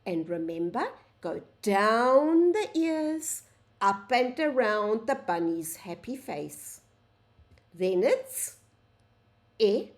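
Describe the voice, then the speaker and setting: Slow sing-song woman teaching phonics. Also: medium pitch, sing-song. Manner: slow, sing-song, sounds out letters, addresses "boys and girls". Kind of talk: phonics lesson for young children.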